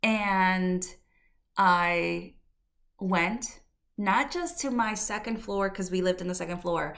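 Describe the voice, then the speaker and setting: A woman's voice: on the low side, takes it slowly, creaky, fairly bright tone. A woman podcast host telling a personal story in a candid, reflective way, with fillers and restarts. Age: adult.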